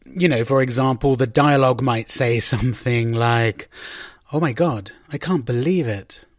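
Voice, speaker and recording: A man's voice: medium pitch, moderate pace, no room sound, studio quality. A man hosting a podcast for Spanish learners, talking casually through wry, emphatic opinions with plenty of ums and self-corrections. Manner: chatty and rambling, with frequent ums and self-corrections; wry and emphatic, with mock outrage.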